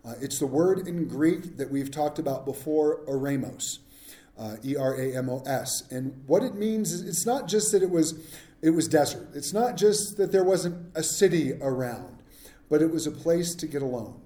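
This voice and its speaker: A man preaching to his congregation with a fairly high, mellow voice. He talks in an easygoing, humorous way and keeps tossing questions to the listeners. The sound is roomy, with a clear echo around him. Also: lively intonation, normal speed. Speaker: pastor. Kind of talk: sermon.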